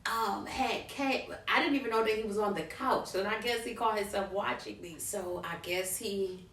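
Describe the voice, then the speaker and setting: A middle-aged woman vlogger, an animated storyteller speaking straight to her viewers. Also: mid-range voice, moderate pace. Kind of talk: personal story time. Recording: roomy, from a distance.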